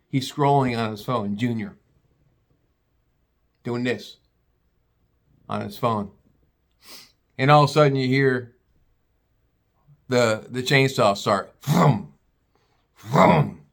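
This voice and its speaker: A man telling a funny story in a casual, animated way, mocking the people in it and swearing freely. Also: medium pitch.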